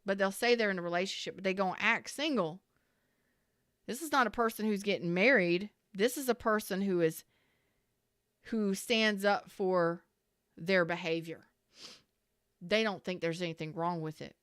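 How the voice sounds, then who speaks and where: A woman's voice: mid-range voice, normal speed, long pauses, fairly bright tone, clear, resonant tone, no room sound, clean studio sound. A woman giving a casual tarot reading to viewers, dramatic and profane, calling them y'all. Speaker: tarot reader.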